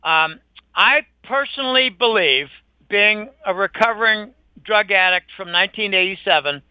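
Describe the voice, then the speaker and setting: A man's voice: high voice, moderate pace, smooth, no echo. An older man speaking as an interview guest in an emphatic, indignant, scornful conversational monologue. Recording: dull lo-fi dry recording.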